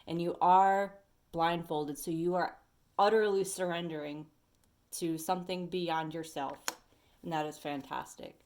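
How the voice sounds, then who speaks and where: A woman at home giving a casual tarot reading to her viewers, chatty and animated, talking straight to the listener. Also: on the low side, a little slow. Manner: sings snatches of songs and talks to bugs. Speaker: tarot reader. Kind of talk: casual weekly energy reading.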